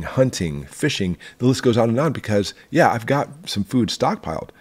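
Fast-talking gravelly man hosting a prepping vlog. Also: on the low side, a little mellow. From Michigan. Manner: talks fast and loose, rambling asides and questions to the viewer. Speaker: prepping channel host. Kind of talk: casual instructional vlog.

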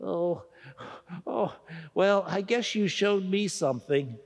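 A man voicing a timid, fretful male turtle puppet in a church children's skit, high and pleading. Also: lively intonation, slow pace, full character voice. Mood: earnest. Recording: echoey church hall.

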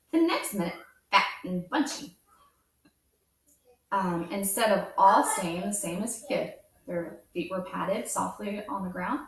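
A woman hosting storytime who reads a children's picture book aloud in a gentle, expressive voice and adds chatty asides. She is far from the mic in a very echoey room, with faint noise in the background. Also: medium pitch. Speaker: storytime host.

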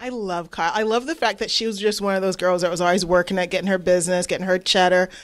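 A woman's voice: lowish voice, steady tone, fast talker. A woman hosting a casual interview, playful and slangy as she asks questions. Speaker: interviewer host.

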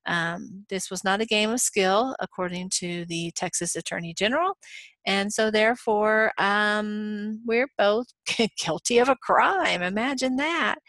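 A woman's voice: mid-range voice, unhurried, fairly bright tone, dry recording. A woman voicing an eager male office coworker who stammers when indignant. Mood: bewildered.

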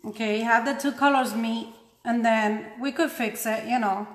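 A woman's voice: on the high side, steady tone, normal speed, roomy sound. A woman with a non-native English accent, chatting casually as she demonstrates a painting technique. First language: not English. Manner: chatty, self-deprecating, talks while working. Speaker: craft tutorial host.

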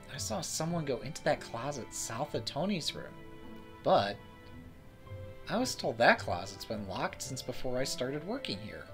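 A man voicing a gossipy nurse in a game who confides rumors in a hushed way. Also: medium pitch. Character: secretive, gossipy hospital nurse.

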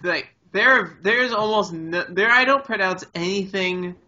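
A man, co-hosting a podcast in casual chat, curious and quick to ask questions. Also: high voice, bright, forceful tone, highs cut off. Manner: curious, asks questions, laughs easily. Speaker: podcast co-host.

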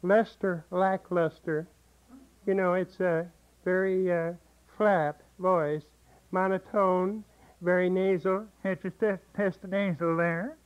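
A man's voice: high voice, steady tone, takes it slowly, smooth. A man teaching a voice acting seminar, explaining and demonstrating vocal sounds to a group. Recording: tinny, muffled old seminar tape.

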